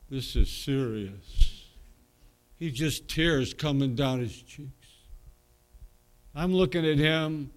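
A middle-aged man preaching, telling a rambling, folksy anecdote with self-amused laughs. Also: medium pitch. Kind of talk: storytelling sermon.

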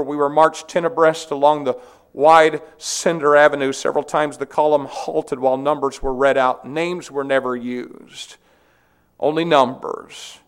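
A man's voice: a little high, fairly even intonation, a little slow, clean tone. A man preacher reading a memoir aloud to his congregation in an earnest, dramatic way.

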